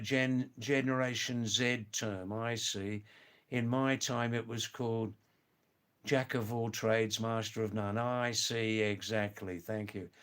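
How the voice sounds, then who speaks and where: An older man from England, hosting a live stream, chatting casually with viewers in a slow, rambling way full of hesitant fillers. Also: mid-range voice, fairly bright tone, clear, resonant tone. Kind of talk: casual live chat reading viewer comments.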